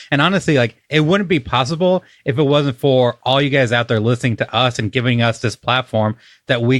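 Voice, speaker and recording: A man co-hosting a casual sports podcast, playful and joking in a relaxed way. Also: medium pitch, no room sound. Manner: playful, jokes with put-on radio DJ openings. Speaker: podcast co-host.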